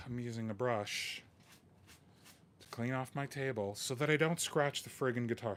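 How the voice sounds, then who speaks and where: A man's voice: medium pitch, measured pace, long pauses, a bit bright, a little hiss or hum. A man hosting a live guitar-modding vlog at his workbench indoors, venting with weary, sighing frustration and repeating himself. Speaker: guitar modding channel host. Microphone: camera mic at a workbench.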